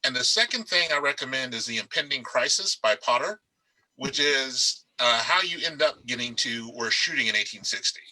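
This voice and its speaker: A man speaking on an authors' panel over a video call. His voice is very bright and sharp, and his delivery is animated and emphatic. He rambles a little and restarts his sentences as he goes. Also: medium pitch, normal speed, poor audio. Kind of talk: casual panel discussion. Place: darkened room.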